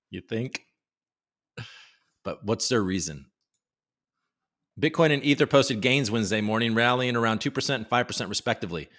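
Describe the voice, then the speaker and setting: A man's voice: mid-range voice, a bit bright. Casual man hosting a news livestream. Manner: casual, reads headlines aloud with joking asides. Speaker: host.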